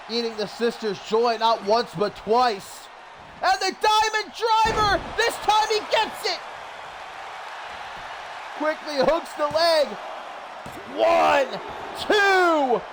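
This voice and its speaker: High-pitched excitable wrestling commentator, man. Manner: excitable, shouts big moments. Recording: loud crowd and noise behind. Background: cheering crowd.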